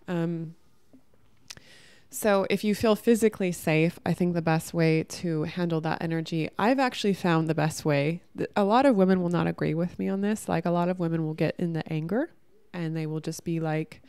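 A woman's voice: fairly low pitch, moderate pace, a little mellow, clean tone, no echo. A woman vlogger talking candidly to her camera in a rambling, reflective way, filling her sentences with "like". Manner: rambling, heavy use of "like". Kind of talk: casual spiritual monologue to camera.

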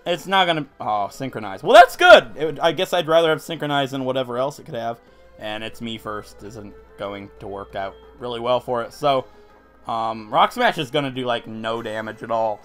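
A man giving casual gameplay commentary as a let's play host, joking and quick to outbursts. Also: medium pitch, a bit bright.

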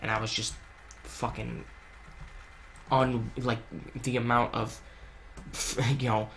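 Gravelly man telling a storytime. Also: medium pitch, little pitch movement, takes it slowly, fairly bright tone, a little hiss or hum. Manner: casual, heavy swearing, many fillers and restarts; earnest, confessional. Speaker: gaming channel host. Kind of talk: storytime narration while playing a game.

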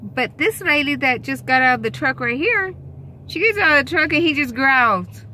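A woman's voice: high-pitched, animated, moderate pace, pushed and bright, a little hiss or hum. A young adult woman vlogging in a car and a store, chatting casually and rambling through exasperated complaints with lots of fillers. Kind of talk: casual chat. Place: inside a car, later a store.

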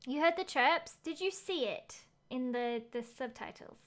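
High-voiced chatty woman streamer. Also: measured pace. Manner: chatty, thinks aloud, excitable gasps. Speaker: game streamer. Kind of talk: casual gaming commentary, reading chat aloud.

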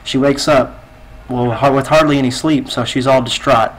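A man's voice: medium pitch, steady tone, normal speed, poor audio. A man telling a long dirty joke in game voice chat, rambling with lots of fillers, on a headset mic. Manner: rambling, filler-heavy storytelling. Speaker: game player.

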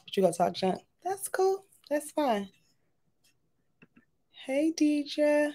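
A woman chats casually on a late-night craft livestream. She talks in a loose, animated way, greeting viewers one by one. She speaks into a webcam at home. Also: high-pitched, slow. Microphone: webcam or laptop camera.

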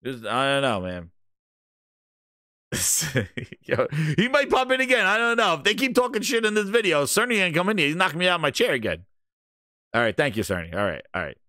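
A man hosting a live gaming reaction stream, loud, excitable and profane. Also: on the high side, fairly quick, no echo, clean studio sound. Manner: loud, excitable, profane, laughs at his own jokes. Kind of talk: casual live reaction commentary.

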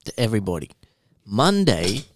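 A man co-hosting a podcast, talking in an offhand, quick and rambling way. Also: lowish voice, sing-song, dry recording, studio quality. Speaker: podcast co-host. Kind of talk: casual podcast chat.

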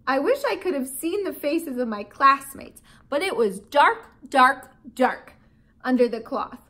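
Woman teacher reading a kids' book aloud, high lively voice, slow and expressive. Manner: expressive, storytelling. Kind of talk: children's book read-aloud.

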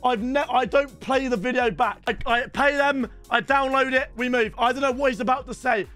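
A young man hosting a gaming video, talking in a very high, bright register. He chats and banters excitably with his viewers, and faint music plays under his voice. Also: normal speed. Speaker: video game channel host. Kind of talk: casual gaming commentary.

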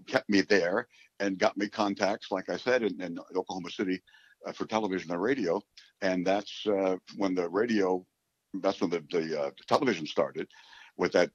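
A man in his seventies from New York City, a radio play-by-play announcer, telling rambling, animated stories in a casual interview. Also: sits low, slightly rough, no room sound. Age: 70s. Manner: animated, rambling storyteller who acts out quotes. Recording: dull, dry recording.

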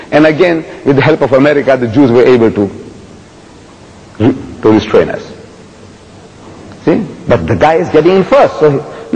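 Male public lecturer, husky and fairly high-pitched, emphatic and repetitive, recorded dull in a large echoing hall. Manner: animated storytelling, emphatic repetition, rhetorical questions. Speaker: Islamic lecturer.

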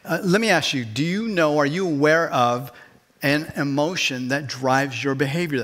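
A man's voice: on the high side, normal speed, fairly bright tone. A man, a pastor, preaching a conversational sermon and putting questions to his congregation in church.

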